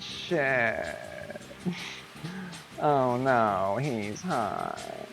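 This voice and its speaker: A man's voice: medium pitch, wildly swooping pitch, very slow, gravelly, long pauses, over music. A man streaming a golf game, chatting casually, laughing often and swearing freely. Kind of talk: casual live game commentary.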